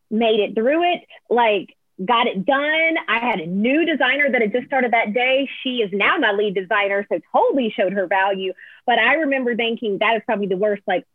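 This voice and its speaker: A woman, a floral designer telling a story as a guest, lively and acting out quotes with sudden high squeals. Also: dry recording. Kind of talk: animated storytelling. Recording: tinny phone-like line, dry.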